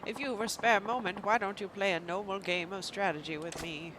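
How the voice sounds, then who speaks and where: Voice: mid-range voice, steady tone, fairly quick, background noise, lightly acted. A streamer putting on an old-man voice to read a friendly old male shogi player's game dialogue aloud.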